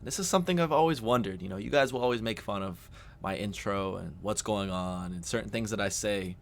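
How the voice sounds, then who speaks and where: Young man, from the US, reaction host, gravelly low voice, energetic chatter. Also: a little fast, a little hiss or hum. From United States. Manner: energetic, chatty, exclaims often. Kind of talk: casual reaction commentary.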